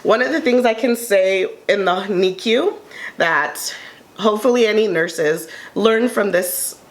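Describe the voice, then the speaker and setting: A woman co-hosting a casual table talk, telling a heartfelt personal story in an earnest way with many pauses and ums. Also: mid-range voice. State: tearful at moments. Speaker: panel co-host sharing her story.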